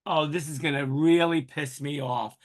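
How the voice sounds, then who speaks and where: A man in his sixties, a podcast guest in casual conversation, animated and flamboyant with dramatic exclamations. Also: a little high, moderate pace.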